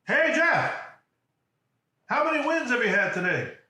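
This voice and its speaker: A man voicing a loud, insistent middle-aged football coach in a retold hospital story. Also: medium pitch, little pitch movement, quick pace, reverberant, lightly acted. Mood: yelling. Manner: yelling, insistent.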